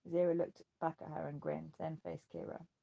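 Gravelly woman reading a novel. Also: low voice, little pitch movement, moderate pace, warm tone, lo-fi sound. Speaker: audiobook narrator. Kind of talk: scripted narration.

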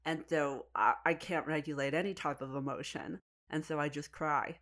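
A woman's voice: deep voice, fairly even intonation, moderate pace, fairly bright tone. A pregnant woman chatting casually, telling a family story animatedly and laughing often. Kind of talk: casual chat.

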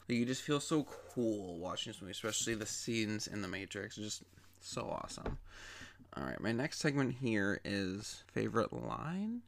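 A man's voice: medium pitch, fairly bright tone. A young man chatting enthusiastically about a film he loves, with lots of fillers. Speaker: movie reviewer. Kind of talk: casual movie review.

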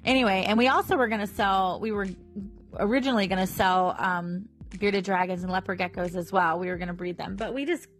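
A woman in her thirties talks casually to her audience, wandering from point to point with plenty of fillers. Her pitch sits in a middling range. Soft music plays faintly in the background. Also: brisk. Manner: rambling and chatty, with frequent fillers. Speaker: vlogger and small business owner. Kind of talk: casual chat to camera.

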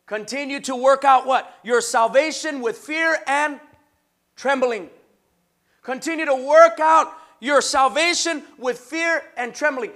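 High, bright-voiced impassioned male preacher. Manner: impassioned preaching, shouting at peaks; rhythmic repetition, call-and-response. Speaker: pastor. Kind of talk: sermon.

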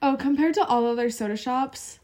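A soft-spoken woman chats casually as a podcast co-host, giggling often. She fills her talk with "like" in a slightly high voice. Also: brisk. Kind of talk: casual chat.

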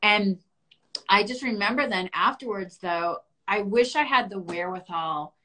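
A woman's voice: a bit bright, slight background noise. A woman earnestly and reflectively telling a personal story as a guest in a conversation. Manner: earnest and reflective, rising high and fast when reliving panic.

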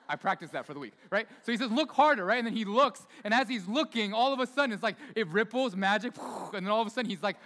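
A man preaching a sermon in a church, in a chatty, informal way full of asides and quick questions to the congregation. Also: sits high, bright, forceful tone. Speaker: pastor. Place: church sanctuary. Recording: long hall reverb in a church.

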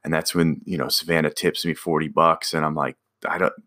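A man's voice: a bass voice, flat delivery, fairly quick, bright, forceful tone. A man casually telling a personal story about a driving job, rambling with restarts and fillers.

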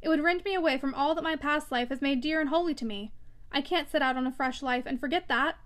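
An anguished young woman pleading with earnest feeling in a classic novel read aloud, voiced by a woman narrator. Her voice rides high and trembles with urgency. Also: fast, fairly bright tone. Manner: earnest, pleading, emotional delivery.

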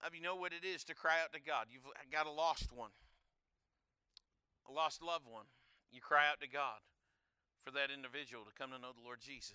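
A man's voice: fairly high pitch, sharp tone, clean tone, dry recording. A man preaching a sermon, emphatic, repeating phrases and restarting as he builds his points.

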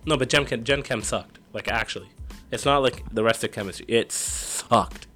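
A young man co-hosting a podcast, chatting casually in slangy, excitable talk and laughing often. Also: medium pitch, moderate pace, soft background music. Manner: animated, slangy, laughs a lot. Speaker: podcast co-host. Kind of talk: casual chat.

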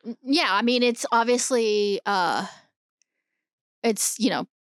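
A woman's voice: a little high, slow pace, smooth, no room sound, studio quality. A woman co-hosting a podcast, talking through a film in casual, emphatic chat and swearing freely. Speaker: podcast co-host.

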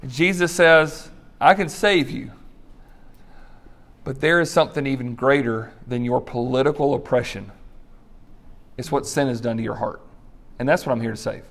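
A man's voice: medium pitch, moderate pace, long pauses, a bit bright. A man preaching a sermon, telling stories with acted-out voices and brief laughs. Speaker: pastor.

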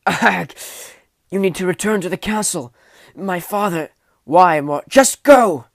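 A man voicing a wounded knight shouting in battle. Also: high-pitched, takes it slowly, vocal fry, dry recording, clean studio sound, pitched above the performer's own voice, exaggerated voice. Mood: urgent, pained. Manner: desperate, strained shouting.

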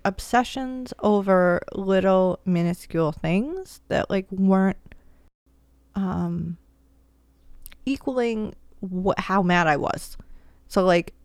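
A woman's voice: mid-range voice, darkish tone, no room sound. A young woman casually telling her own story as a new mother, candid and rambling, with many fillers.

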